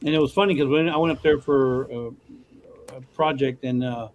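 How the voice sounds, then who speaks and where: A man's voice: medium pitch, a little fast. A man from Texas co-hosting a casual live stream, throwing in teasing jokes and short interjections. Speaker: co-host.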